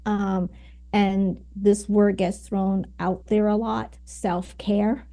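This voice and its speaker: A woman's voice: mid-range voice, flat delivery, slow, mellow. A woman guest on a podcast, explaining her ideas at length, with many fillers and "right?"s. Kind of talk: conversational interview.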